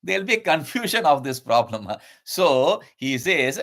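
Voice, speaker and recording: A man's voice: a little high, very animated, measured pace, hardly any pauses, a bit bright. A man teaching a lesson and commenting on a scripture verse by verse, explaining at length with frequent fillers and repeated key terms.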